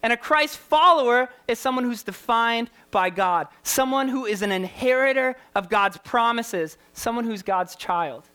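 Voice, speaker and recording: A man's voice: very high voice, measured pace, few pauses, bright, forceful tone, smooth. A man preaching a sermon as a youth pastor, impassioned and repetitive, firing rhetorical questions at his listeners.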